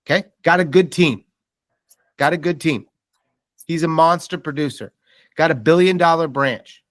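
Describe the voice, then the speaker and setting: A man leads a mortgage sales seminar in a slightly high voice. He tells animated stories and acts out the lines of the people in them. The sound is dry and close, with no room echo. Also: normal speed. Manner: animated storytelling with quoted dialogue. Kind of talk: motivational seminar talk.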